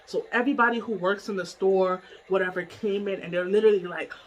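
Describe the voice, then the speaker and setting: A woman telling a story in a casual vlog from her bedroom. She is animated, laughs often and swears freely. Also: mid-range voice, fast, dull audio.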